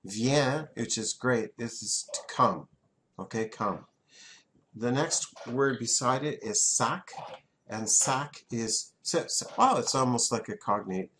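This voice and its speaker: A man's voice: medium pitch, lively intonation, slow pace, a bit bright, a little hiss or hum. A man, teaching a French class in a classroom and having students repeat words back.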